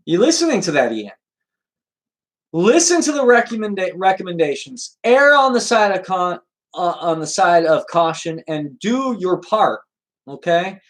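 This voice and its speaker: A man's voice: high voice, poor audio. A man hosting a livestream in an earnest, lecturing way, reading viewer comments and answering them by name. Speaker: livestream host.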